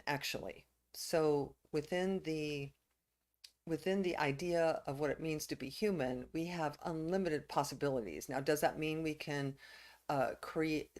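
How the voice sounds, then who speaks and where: A woman minister preaching a reflective sermon, pausing with fillers and restarts. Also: deep voice.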